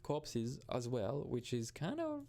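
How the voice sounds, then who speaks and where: Gravelly rambling gameplay commentator man. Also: mid-range voice, wildly swooping pitch, slow, dark tone. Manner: rambling, self-interrupting, swears casually. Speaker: gaming video host.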